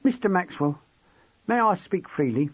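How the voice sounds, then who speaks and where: A man's voice: high-pitched, expressive, normal speed, slightly rough, dry recording, pitched above the performer's own voice. A man reading an audiobook, voicing a blunt, mouthy teenage schoolboy who blurts things out. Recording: dull dry close recording.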